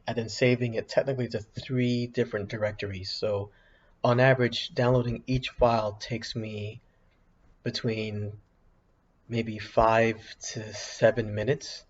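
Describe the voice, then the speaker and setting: A man with a lowish voice hosts a casual trading walkthrough, rambling and backtracking between points. The recording is muffled and lo-fi, with a faint hiss behind him. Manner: rambling, self-correcting, apologetic asides. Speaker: options trading video host. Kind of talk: casual screen-share commentary. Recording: dull lo-fi sound with faint background hiss.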